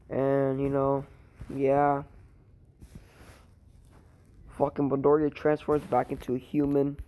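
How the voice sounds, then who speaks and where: A man's voice: mid-range voice, monotone, slow pace, pauses often, dark tone, a little hiss or hum. A tired young man improvising a fan story, rambling and crude, full of fillers and swearing. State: tired, sleepy.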